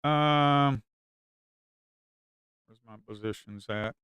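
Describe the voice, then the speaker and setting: Male trader streaming live, mutters, repeats himself, curses; smooth, close, dry sound. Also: medium pitch, very slow, a bit bright, dry recording. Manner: talks to himself and viewers, repeats phrases, swears. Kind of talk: live trading commentary.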